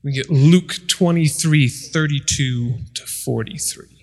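Storytelling preacher in a reverberant hall. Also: male voice, on the high side, slow pace, husky. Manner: storytelling, acts out voices of the people in the story. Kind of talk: sermon. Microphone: microphone.

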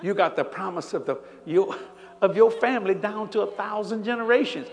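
A man's voice: high-pitched, a little fast. An older man preaching a sermon, telling stories animatedly and laughing along as he goes. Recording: church hall reverb.

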